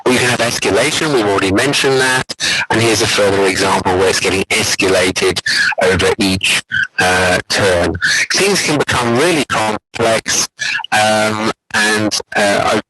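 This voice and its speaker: A man's voice: lowish voice, a little slow, pushed and bright, a little hiss or hum, low-quality recording. A man giving an academic conference talk, explaining and acting out quoted intonations. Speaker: conference lecturer.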